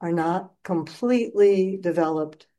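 A woman's voice: fairly low pitch, a little slow, mellow, low-quality recording. A woman who teaches meditation, giving a dharma talk with playful storytelling in which she acts out scenes.

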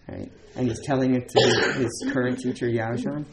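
A man's voice: mid-range voice, steady tone, moderate pace, heavy background noise. A man giving a dharma talk as a Zen teacher, casual and chatty, with many fillers and laughs between points.

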